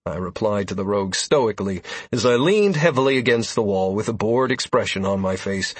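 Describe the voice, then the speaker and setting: A man narrating a first-person fantasy audiobook, expressive and voicing many characters. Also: on the low side, breathy edge, dry recording.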